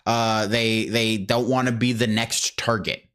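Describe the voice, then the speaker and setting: A man's voice: fairly low pitch, flat delivery, unhurried, a bit bright, clean tone. A man in casual chat, reflective and explanatory, often repeating words as he thinks.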